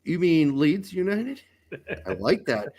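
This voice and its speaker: A man's voice: a little high, sing-song, takes it slowly, a little mellow. A middle-aged man co-hosting a casual podcast, riffing in joking, profane banter. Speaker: podcast co-host. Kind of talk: casual chat.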